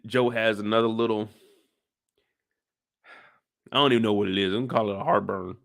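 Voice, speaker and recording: A man giving a casual recap of a TV episode in animated, heavily slangy talk, swearing freely. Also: on the low side, fairly quick, gravelly. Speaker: show recap youtuber.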